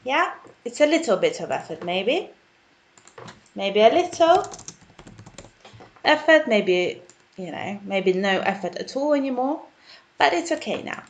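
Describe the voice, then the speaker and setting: A woman's voice: fairly high pitch, very animated, a little slow, long pauses. A British woman giving an online English grammar lesson in a chatty, friendly teacher's way. She keeps checking in with her viewers while she types out notes as she explains. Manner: chatty, checks in with "okay?" and "guys".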